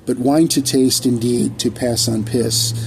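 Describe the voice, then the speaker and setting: A man with a dark, mellow voice recites his own rhyming poetry, and his delivery is measured and steeped in archaic phrasing. He sometimes stops and restarts a line. Faint noise and passing traffic sit under the voice. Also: medium pitch, steady tone, gravelly, rough recording. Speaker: poet.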